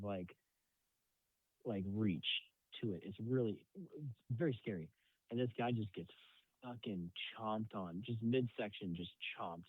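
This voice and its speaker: A man's voice: on the low side, no room sound. A man co-hosting a podcast, retelling a movie plot in casual chat, acting out quotes with lots of swearing. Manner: animated storytelling with acted-out quotes and frequent swearing. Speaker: podcast co-host. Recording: dry tinny phone-like sound.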